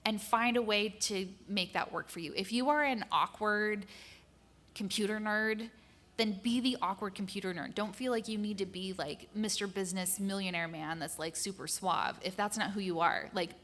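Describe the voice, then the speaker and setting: A woman's voice: mid-range voice, normal speed, fairly bright tone. Woman panelist, earnest, advice-giving, casual and chatty. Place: conference panel room.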